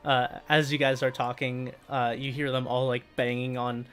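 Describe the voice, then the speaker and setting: A man's voice: mid-range voice, level tone, a bit bright, soft background music. A man narrating as game master of a tabletop game, filling his speech with hesitations. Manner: halting, full of fillers.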